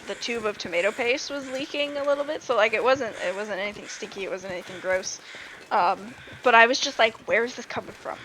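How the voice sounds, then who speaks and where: A woman streamer talks casually while playing a game, wandering from one everyday story to another. Her voice sits at an ordinary middle pitch, loose and conversational, peppered with "like" and easy laughter. A faint background noise sits behind her. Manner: rambling, chatty, laughs often, fills with "like". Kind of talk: casual chat while gaming.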